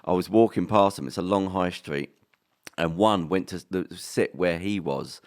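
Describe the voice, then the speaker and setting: A man's voice: low-pitched, moderate pace, darkish tone. A man co-hosting a podcast, telling a jokey anecdote and quoting people. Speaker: podcast co-host. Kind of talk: casual chat.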